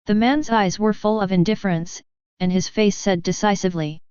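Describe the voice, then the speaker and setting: A woman reading a fanfiction audiobook in a steady storytelling manner. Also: medium pitch, normal speed, clear, resonant tone, no echo. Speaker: audiobook narrator. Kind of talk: scripted narration. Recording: dry, dull lo-fi recording.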